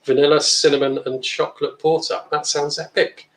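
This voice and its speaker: A man's voice: fairly high pitch, little pitch movement, normal speed, reverberant, low-quality recording. A man hosting a casual live beer review, chatting bluntly and reading out viewer comments. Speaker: beer review channel host. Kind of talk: casual live-stream chat.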